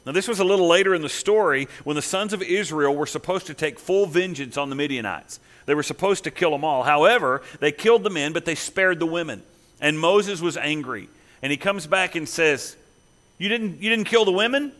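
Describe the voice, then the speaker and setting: Bright-voiced man preaching a sermon. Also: fairly high pitch, a little fast. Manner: conversational, retells scripture in casual paraphrase. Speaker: pastor.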